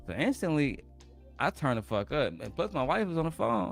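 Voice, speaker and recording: Profane, animated man telling a story. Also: on the high side, a little fast, gravelly, faint music behind. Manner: animated, profane, streetwise slang. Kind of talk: profane casual storytelling rant.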